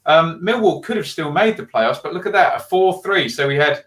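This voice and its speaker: A man's voice: on the high side, lively intonation, normal speed, a bit bright. A man hosting a live football review stream, reading out viewer comments and chatting loosely with plenty of fillers and asides. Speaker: football channel host.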